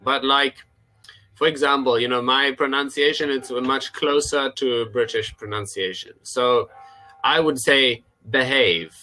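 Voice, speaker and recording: Man, English tutor, bright clear tone, patient, repeats words slowly, video call. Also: medium pitch, fairly even intonation. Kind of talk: online pronunciation lesson.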